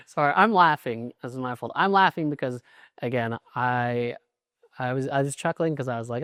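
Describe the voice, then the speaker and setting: A man's voice: medium pitch, lively intonation, brisk, dry recording, studio quality. A middle-aged man teaching a yoga class, cueing poses in short instructions with an encouraging, chatty manner.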